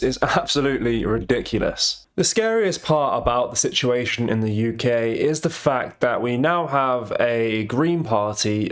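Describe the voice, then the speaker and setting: A man hosting a commentary channel, talking over clips in an indignant, repetitive way. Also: medium pitch.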